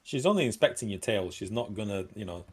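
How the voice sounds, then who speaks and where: A man running a tabletop game as game master, narrating in a casual, halting way with fillers. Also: on the low side, expressive, crowd noise.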